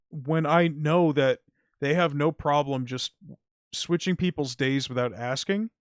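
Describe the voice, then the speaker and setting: A man's voice: fairly high pitch, no echo, clean studio sound. A young man streaming, venting heatedly about his delivery job with frequent swearing. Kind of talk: casual stream rant. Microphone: streaming mic.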